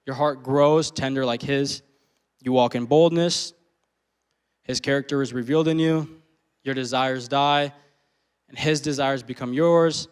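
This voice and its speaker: A man's voice: medium pitch, fairly even intonation, unhurried, pauses often, clear, resonant tone. A man in his twenties telling a personal story during a sermon, casual and full of slang, laughing often. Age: 20s. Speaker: preacher.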